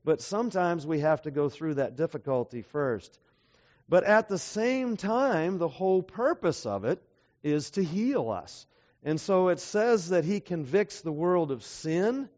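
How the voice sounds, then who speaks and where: A man's voice: on the high side, a little mellow, muffled recording. A man preaching a sermon to a seminar audience, often checking in with rhetorical questions. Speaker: pastor.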